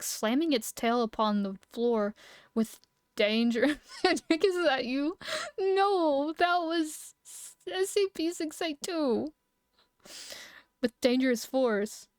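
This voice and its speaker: A young woman streaming live, reading lore aloud and chatting with viewers, excitable and quick to laugh. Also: fairly high pitch, no room sound, studio quality. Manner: excitable, giggly, reacting loudly.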